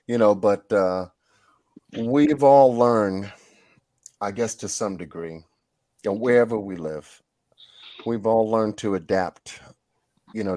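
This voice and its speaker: A man's voice: lowish voice, darkish tone, no room sound, studio quality. A man hosting a casual live-stream chat, rambling through stories with lots of fillers and laughs. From New York. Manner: rambling storyteller, laughs often, many fillers. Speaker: host.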